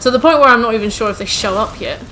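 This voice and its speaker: A woman's voice: on the high side, quick pace, pushed and bright, a little hiss or hum. A woman streaming a game from home on a headset mic, chatting with her viewers and fussing at her cats. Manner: chatty, talks to chat and scolds her cats between game remarks. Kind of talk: casual live-stream chat while gaming.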